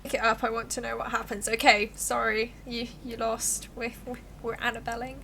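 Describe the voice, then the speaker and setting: Animated woman reading a game aloud. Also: on the high side, gravelly, slight background noise. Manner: animated, reads narration aloud and reacts with quick asides. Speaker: streamer. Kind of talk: reading a visual novel aloud on a livestream.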